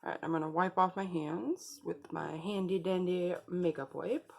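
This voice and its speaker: Gravelly-voiced woman beauty vlogger. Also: on the low side, moderate pace, a little mellow. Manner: chatty, talks straight to viewers. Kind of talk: casual makeup tutorial chat.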